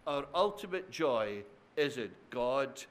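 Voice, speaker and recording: His medium-pitched voice moves slowly and expressively as he preaches. Calling his listeners dear friends, he leans on repeated phrases and asks the congregation tag questions.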